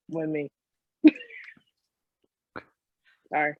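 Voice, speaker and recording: A woman's voice: sits low, big pitch swings, extremely slow, no echo, lo-fi sound. A woman co-hosting a podcast in casual chat, playful and sassy, laughing often. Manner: playful, giggly, sassy slang. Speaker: podcast co-host. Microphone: studio podcast mic.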